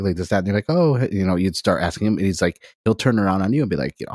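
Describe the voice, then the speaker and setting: A man's voice: low-pitched, lively intonation, very fast, few pauses, a little mellow, no echo, clean studio sound. A man in his thirties, a podcast guest in casual chat, telling long anecdotes full of acted-out quotes. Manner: rambling storyteller, heavy on "I was like" quotes.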